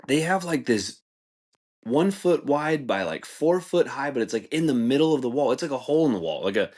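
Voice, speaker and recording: A man's voice: lively intonation, fairly quick, a little mellow. A man hosting a podcast, telling stories in a laid-back, rambling way, swearing freely and filling his talk with "like" and "dude". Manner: acts out voices in quoted speech, jumping far higher. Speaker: podcast host. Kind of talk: casual storytelling monologue.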